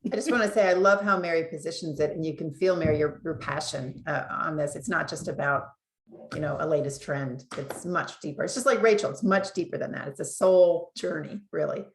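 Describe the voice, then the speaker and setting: A woman's voice: low voice, brisk, vocal fry. A woman on a video call speaking earnestly and with feeling. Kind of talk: casual chat on a video call. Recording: echoey room, faint noise.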